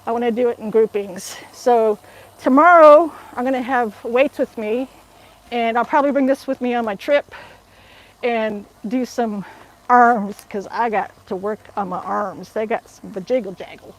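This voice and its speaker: A middle-aged Alaskan woman with an Alaskan accent and a slightly high voice chats casually on a livestream while exercising outdoors, laughing often. She's a fitness vlogger speaking at a moderate pace over a rough recording.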